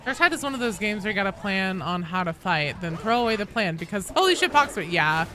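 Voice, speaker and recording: A woman streamer chats through a co-op game with her friends in a bright, lively voice that swoops up and down constantly. She jokes and laughs along and breaks into yelling when a fight heats up. A faint hum of noise sits under her voice. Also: mid-range voice, brisk. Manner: animated, joking, swears and laughs often; yells in bursts during fights. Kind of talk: casual live-stream chat while playing.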